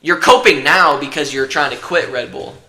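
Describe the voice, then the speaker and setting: A man's voice: fairly high pitch, moderate pace, pushed and bright, echoey room. A young man in casual podcast chat, rambling and swearing a lot with constant fillers.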